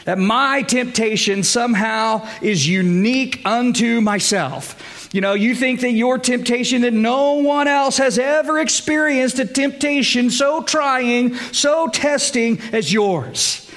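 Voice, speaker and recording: A male pastor giving a conversational sermon, often checking in with his listeners with quick questions. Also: very high voice, fairly bright tone.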